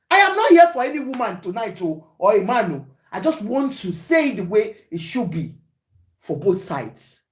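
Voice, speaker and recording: Nigerian lady hosting a talk show, preachy and emphatic, voice swings up and down a lot. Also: fairly high pitch. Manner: switches to Yoruba, preachy, emphatic. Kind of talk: commentary to panel.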